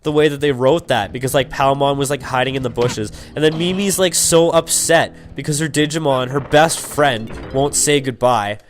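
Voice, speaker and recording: A man's voice: medium pitch, normal speed, hardly any pauses, a little hiss or hum. A young man from Canada giving rambling, casual commentary while playing a video game, filling his talk with "like" and the odd swear word. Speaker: let's play commentator. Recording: faint game music behind.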